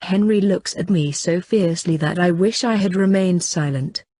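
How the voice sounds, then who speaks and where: Low, husky woman narrating an audiobook. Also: moderate pace, no room sound, clean studio sound. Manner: steady, even first-person reading. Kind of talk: scripted narration.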